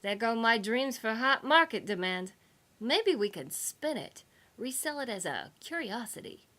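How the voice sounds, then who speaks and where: Woman reading as a gruff young salvager girl, dismissive, bright edge, audiobook. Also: on the high side, very animated, unhurried, pitched above the performer's own voice, heavily acted.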